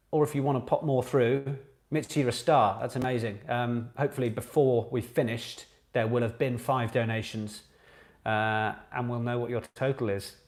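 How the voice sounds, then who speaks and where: Chatty and animated, a medium-pitched man hosts a live online pub quiz for charity, now and then breaking into song to deliver quote answers.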